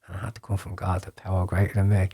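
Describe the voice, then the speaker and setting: This is an Irish man with a lowish voice, telling his personal testimony as a podcast guest. His tone is dark and mellow, and he speaks earnestly. He stumbles over repeated words and sometimes drops to a hushed whisper. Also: monotone, very fast, husky. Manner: earnest storytelling, drops to a hushed whisper when recalling prayers; frequent repeated words and restarts.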